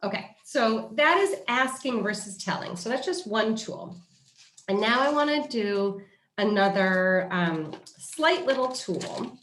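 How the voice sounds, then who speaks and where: A woman hosting a parenting workshop, talking in a lively way and acting out what parents and children say. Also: a little high, takes it slowly, echoey room.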